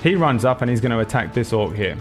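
A young man runs a tabletop game, narrating the action in a loose, rambling way. He leans on fillers and laughs often, and his voice sits in a middle pitch with faint music underneath. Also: expressive, fast talker. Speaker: game master.

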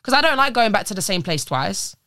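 Bright, fast-talking young woman storyteller. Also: mid-range voice. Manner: swearing, animated storytelling with voiced quotes. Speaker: podcast guest. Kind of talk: casual storytelling.

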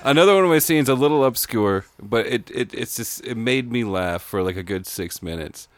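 A man's voice: mid-range voice, expressive, a little fast, no room sound. Dry-sounding man retelling a movie scene. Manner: profane, laughing storyteller. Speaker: podcast co-host. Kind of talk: casual movie discussion.

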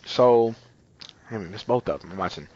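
Animated man telling a story. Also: fairly low pitch, normal speed, lo-fi sound. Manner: animated storyteller, acts out voices. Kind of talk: casual storytelling chat.

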